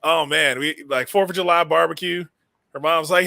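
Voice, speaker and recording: A man hosting a comedy podcast, telling stories with animated laughter. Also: fairly high pitch, fast talker, creaky, no room sound. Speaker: podcast host. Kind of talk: casual comedy podcast chat.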